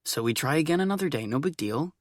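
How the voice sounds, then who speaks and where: A man reading an audiobook, voicing a gentle teenage boy who speaks softly and reassuringly. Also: fairly high pitch, animated, fast talker, no room sound, studio quality, natural voice. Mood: tender. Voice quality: soft, hushed. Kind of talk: audiobook character voice.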